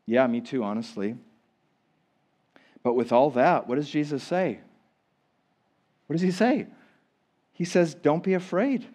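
High-voiced pastor preaching with sweeping dynamics. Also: male voice, unhurried, pauses often. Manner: dynamic preaching, swinging from loud to hushed. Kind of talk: sermon. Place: church sanctuary.

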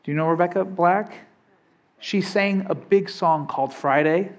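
Young male preacher, casual sermon delivery, voice sits a bit high, keeps checking in with the congregation. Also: moderate pace. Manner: conversational preaching, asks congregation questions. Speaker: pastor.

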